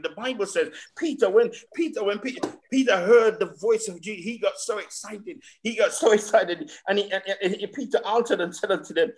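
High-voiced fervent man preaching a sermon. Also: expressive. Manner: repetitive, stammering restarts, emphatic slow drawn-out phrases; addresses the congregation as saints.

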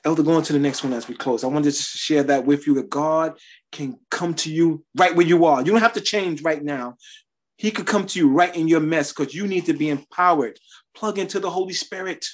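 A man's voice: on the high side, normal speed, breathy edge. A man preaching a sermon, sharing his testimony in a conversational style with emphatic rises.

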